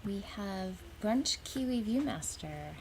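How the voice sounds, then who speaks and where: A woman's voice: mid-range voice, lively intonation, slow, crowd noise, low-quality recording. A woman co-hosting a live stream chat, playful and reading out viewer messages. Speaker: co-host.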